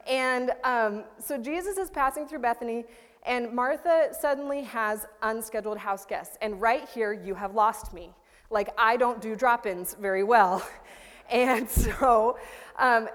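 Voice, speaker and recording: A woman's voice: a little high, long reverb tail. A woman pastor preaching a chatty, self-deprecating sermon, often checking in with her listeners. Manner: chatty, self-deprecating, frequent "right?" asides.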